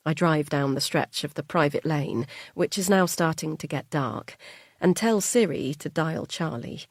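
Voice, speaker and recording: A woman reading a first-person thriller audiobook in a quiet, measured way. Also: sits low, no echo, clean studio sound. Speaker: audiobook narrator.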